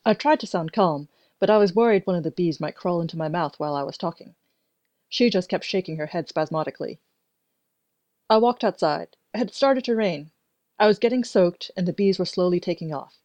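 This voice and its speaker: A woman's voice: lowish voice, fast, a little mellow, no room sound. Woman reading a story, dry lo-fi sound. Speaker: narrator. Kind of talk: first-person story reading. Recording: dry, dull lo-fi recording.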